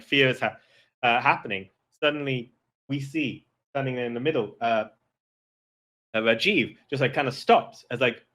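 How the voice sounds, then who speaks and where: A man's voice: mid-range voice, bright, forceful tone. A man narrating a tabletop game as game master, rambling with many fillers and restarts.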